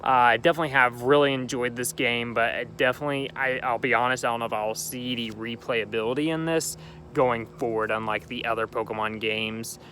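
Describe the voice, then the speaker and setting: A young man hosts a casual game playthrough, chatting and rambling in an upbeat way. His voice sits at a medium pitch, recorded outdoors at night with a faint hum in the background. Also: steady tone, brisk, sharp tone. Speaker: gaming channel host. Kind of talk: casual let's-play commentary.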